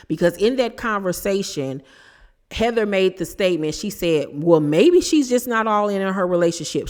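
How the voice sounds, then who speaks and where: Woman host, lower voice, chatty and sassy recapping a reality show, reverberant room. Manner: chatty, emphatic, sassy asides. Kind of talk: casual opinionated show recap.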